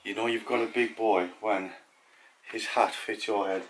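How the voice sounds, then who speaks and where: A man's voice: lowish voice, fairly even intonation, moderate pace, faint music behind. A man vlogging casually at home, jokey and teasing with his son, a little out of breath. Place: child's bedroom at home.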